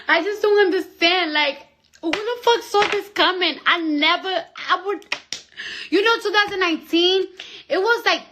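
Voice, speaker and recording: A young woman chatting on a phone live stream at home, profane and rambling, swinging from loud outbursts to hushed whispers. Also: high-pitched, slight background noise. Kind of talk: casual live-stream chat.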